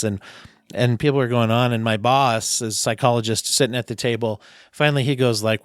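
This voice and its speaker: A man hosting a podcast interview, talking in a chatty, halting way with many restarts and laughs. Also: mid-range voice, fairly even intonation, smooth, no room sound, clean studio sound. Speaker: podcast host. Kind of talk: casual interview chat.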